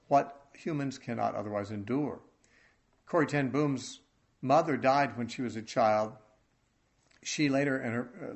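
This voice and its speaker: A man teaching from the Bible in an earnest sermon, speaking haltingly and restarting his phrases often. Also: mid-range voice. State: choked up with emotion.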